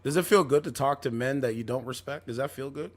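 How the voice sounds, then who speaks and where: A man's voice: medium pitch, fast. A man hosting a livestream, needling a caller with mocking, repeated questions. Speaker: livestream host. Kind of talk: confrontational livestream talk.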